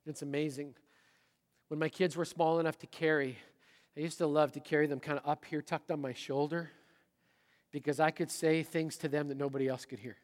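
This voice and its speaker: A middle-aged man preaching in a church, his slightly high voice rising to loud emphasis and dropping to a near-whisper. The sound carries a long hall reverb. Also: steady tone, brisk. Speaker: pastor. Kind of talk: sermon. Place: church sanctuary.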